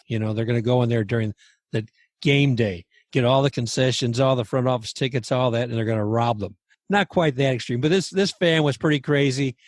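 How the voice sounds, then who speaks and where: A man's voice: medium pitch, no echo, clean studio sound. A man hosting a casual sports talk podcast, chatty and rambling, often laughing as he talks. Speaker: podcast host.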